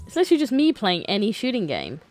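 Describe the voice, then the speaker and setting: A woman's voice: a little high, a little mellow. A woman streaming a video game, casual commentary with frequent swearing and exclamations.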